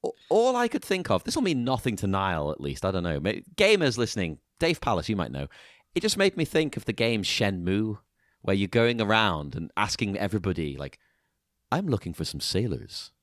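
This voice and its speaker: A man's voice: on the low side, huge pitch swings, fairly quick, dry recording, studio quality. An English man chatting about films as a podcast guest, enthusiastic and self-amused. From England. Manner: enthusiastic, laughs at himself. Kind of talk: casual film chat.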